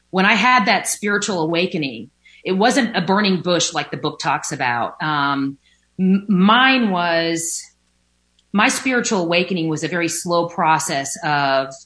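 In a lowish, sharp-toned voice and at a slightly slow pace, a recovering alcoholic tells her own recovery story. She's at home by a window, speaking openly with many fillers and an occasional swear word.

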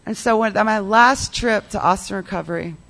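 A speaker at a recovery meeting, telling their own story in a candid, animated way, full of "like" and "you know", and acting out old conversations. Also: mid-range voice, fairly quick, vocal fry. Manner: candid and animated, acts out past dialogue; peppers speech with "like" and "you know".

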